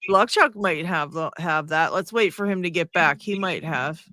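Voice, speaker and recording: A man's voice: on the high side, normal speed, sharp tone, no room sound, clean studio sound. A man from Pittsburgh with a Pittsburgh accent, co-hosting a casual livestream chat, rambling and laughing often. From Pittsburgh, USA. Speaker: livestream co-host.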